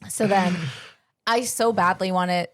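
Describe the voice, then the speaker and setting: A woman's voice: medium pitch, fairly even intonation, slow pace, no echo, clean studio sound. A woman co-hosting a podcast, telling a story in casual chat, with many fillers and acted-out quotes. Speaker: podcast co-host.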